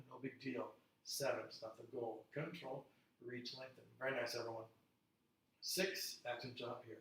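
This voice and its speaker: A man leading a guided strength workout, counting reps calmly and encouraging the class. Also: mid-range voice, a little hiss or hum. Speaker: strength instructor. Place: home studio. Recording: echoey room, mic at a distance.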